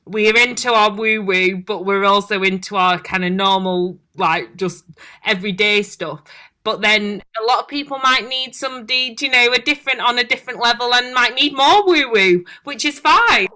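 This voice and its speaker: A Yorkshire-accented woman hosts a casual conversation with a bright, forward tone. Her voice sits a little high. She keeps the talk playful and chatty. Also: normal speed. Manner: chatty, playful, warm sign-off patter. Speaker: host. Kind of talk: casual interview chat.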